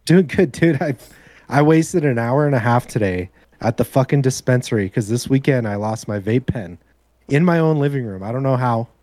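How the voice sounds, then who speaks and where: A man's voice: mid-range voice, lively intonation, moderate pace, a little mellow, dry recording. A man co-hosting a podcast, chatting in a laid-back way and swearing casually. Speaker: podcast co-host.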